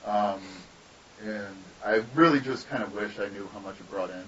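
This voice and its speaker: Distant, bright-voiced man telling stories. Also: lowish voice, moderate pace. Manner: rambling, profane storytelling. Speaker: guest artist. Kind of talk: casual podcast interview. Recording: distant, dull lo-fi mic with faint hiss.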